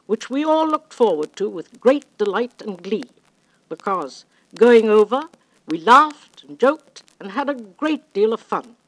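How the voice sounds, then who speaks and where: A woman's voice: a little high, rough recording. Older woman telling a story theatrically. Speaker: opera singer telling an anecdote. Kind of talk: spoken reminiscence.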